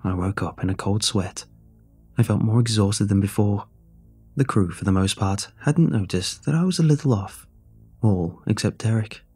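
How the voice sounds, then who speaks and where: A man's voice: lowish voice, moderate pace, mellow, breathy edge, soft background music. A man narrating a horror story in the first person, in a tense, scripted reading.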